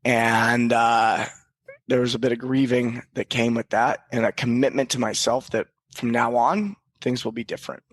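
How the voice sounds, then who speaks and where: A man's voice: mid-range voice, fairly even intonation, moderate pace, a bit bright, no echo. A man guest on a podcast, telling a candid personal story in an earnest, reflective way, with casual swearing and frequent restarts.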